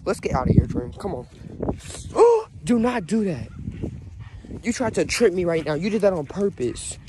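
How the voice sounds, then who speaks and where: A man with a high voice chats through a casual vlog outside, his pitch bouncing up and down as he talks to his dog and his viewers. The phone recording carries clear outdoor background noise. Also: wildly swooping pitch, moderate pace. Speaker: vlogger.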